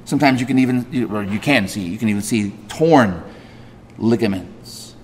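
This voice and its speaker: A pastor delivers an emphatic sermon at a moderate pace, asking rhetorical questions while his pitch and volume swing widely. Slight background noise sits under the long hall reverb of the church sanctuary.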